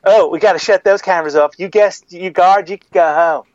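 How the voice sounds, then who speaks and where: A man playing the ghost of a loud older male baseball announcer in a comedic impression sketch, boisterous and rambling. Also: high-pitched, fairly quick, no echo, close to an everyday voice. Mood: brash. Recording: dull lo-fi podcast audio.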